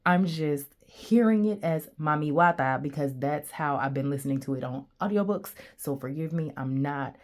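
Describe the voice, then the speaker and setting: A woman's voice: sits low, normal speed, few pauses. A woman giving a casual tarot reading, chatty and digressive, talking straight to her viewers. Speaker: tarot reader.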